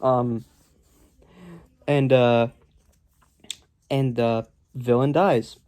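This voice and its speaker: A man's voice: medium pitch, lively intonation, takes it slowly, long pauses, warm tone. Rambling, sarcastic male film reviewer. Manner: rambling, sarcastic, many ums. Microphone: camera propped on his legs.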